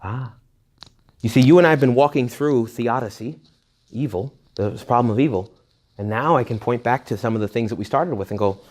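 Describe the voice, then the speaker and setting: A priest gives a retreat talk in a lively, conversational way, peppering the listeners with questions. He breaks into jokes and quick asides before circling back to his point. His voice sits at an ordinary middle pitch for a man. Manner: rhetorical questions directed at the audience. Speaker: Catholic priest leading a retreat. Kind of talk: informal retreat talk to young adults.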